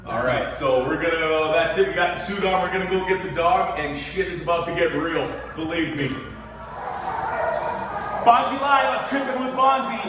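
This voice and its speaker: A high-voiced man talks to camera in a kennel, quick to laugh and joke. The room rings with a long echo. Loud barking dogs fill the background. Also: noisy background. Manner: excitable, joking, laughing often. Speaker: show host filming a segment. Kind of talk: handheld vlog commentary.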